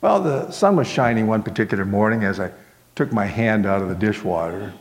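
A male pastor tells a story from the pulpit in a folksy, homespun manner, starting lines with "well". His low-pitched voice rings in a long hall reverb. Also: expressive, fairly quick. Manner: folksy, many "well" and "kinda". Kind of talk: sermon storytelling.

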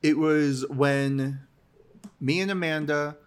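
A man co-hosting a podcast in casual chat, trading jokes and deadpan interjections. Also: a little high, takes it slowly, smooth. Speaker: podcast co-host.

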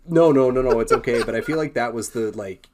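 A man's voice: mid-range voice, fairly quick, a little mellow, slight background noise. A man co-hosting a film podcast, chatting casually in a wry way with frequent laughs and rambling restarts. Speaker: podcast co-host. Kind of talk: casual chat.

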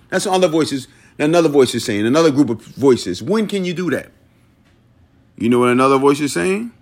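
A motivational podcast host delivers an inspirational monologue that is dramatic and repetitive, and he often laughs between lines. His voice sits a little high and is very animated. He speaks at a normal speed.

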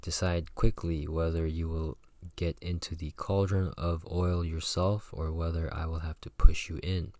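A vengeful dead husband hurling bitter accusations at his wife, read by a man telling a folktale. His voice is very deep and sits close and dry on the mic. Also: flat delivery, a little slow, darkish tone, no echo. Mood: hateful. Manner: accusing, hateful. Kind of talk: reading a folktale aloud.

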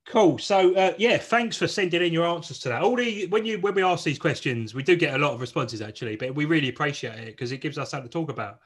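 A man's voice: on the high side, lively intonation, quick pace, few pauses, husky. A man hosting a casual podcast chat, talking loosely with many fillers and restarts. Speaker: podcast host.

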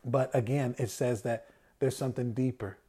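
A man's voice: medium pitch, fairly even intonation, normal speed, warm tone, husky. A man giving a conversational sermon. He often asks rhetorical questions and answers them himself, and he acts out the voices of people he quotes.

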